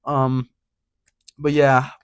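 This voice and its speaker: A man's voice: mid-range voice, monotone, very slow, smooth, no room sound. A young man hosting his own channel, ranting heatedly in casual talk, swearing and repeating "bro". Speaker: channel host. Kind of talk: casual fight-prediction rant.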